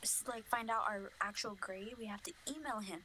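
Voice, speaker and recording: A woman's voice: mid-range voice, fairly quick, pushed and bright, a little hiss or hum, poor audio. A young woman co-hosting a casual podcast, telling a story with lots of fillers. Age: young adult. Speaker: podcast co-host. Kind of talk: casual chat.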